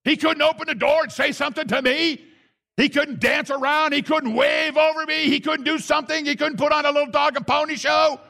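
An indignant, entitled general rants in a high, strained voice, as a preacher acts him out. Gravel runs underneath his outrage, and he sounds offended at every slight. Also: steady tone, brisk, bright, forceful tone, exaggerated voice. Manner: indignant ranting.

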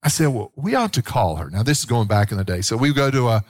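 Man, pastor, folksy sermon story, mid-pitched voice, dry sound. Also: lively intonation, quick pace, no room sound.

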